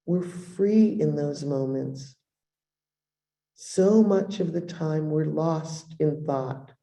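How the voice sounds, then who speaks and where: A middle-aged woman, a meditation teacher, giving a dharma talk and softly guiding a meditation with long pauses. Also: low-pitched. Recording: roomy echo.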